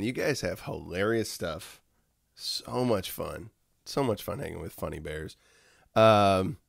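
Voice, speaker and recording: A man's voice: sits low, gravelly, dry recording, clean studio sound. A man hosting a casual livestream, rambling to his chat with lots of ums and frequent chuckles. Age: adult. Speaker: livestream host reading chat.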